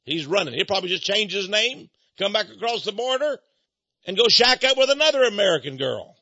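High husky-voiced ranting male radio host. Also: very animated, fairly quick, dry recording, dull audio. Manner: indignant ranting, swinging between hushed asides and loud outbursts. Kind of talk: opinionated radio commentary.

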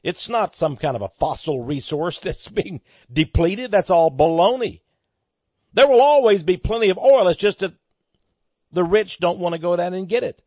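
Emphatic man with a lively, swooping voice. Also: sits high, moderate pace, no echo. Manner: emphatic, rhetorical questions, swinging loud and soft. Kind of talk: preaching commentary on economic news. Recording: dull lo-fi dry recording.

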